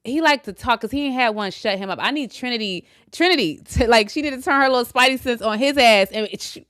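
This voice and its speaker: Woman, co-host, casual chat, smooth clear voice, fairly low pitch, opinionated, laughs a lot, dry close sound. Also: fast talker, no room sound. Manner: animated, opinionated, laughs often; hesitant restarts when unsure. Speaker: podcast co-host.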